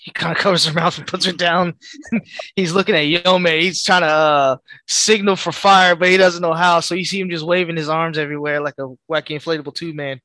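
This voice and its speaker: A man, a player at a tabletop game, describes what his character does with jokes and laughter. His voice is bright and forceful, sitting a little high. The sound is dry and close. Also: fairly even intonation, brisk, dry recording. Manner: joking, laughs often.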